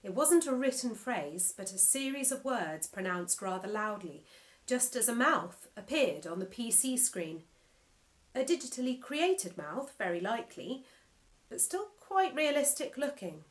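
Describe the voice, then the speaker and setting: A woman author giving an expressive, measured reading of her own novel. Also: medium pitch. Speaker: nominated author.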